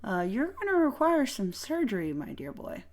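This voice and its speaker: A woman's voice: on the high side, sing-song, moderate pace, darkish tone. A woman voicing a kindly, fussy old male wizard healer who dotes on his patient. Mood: concerned. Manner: doting, calls him "dear boy".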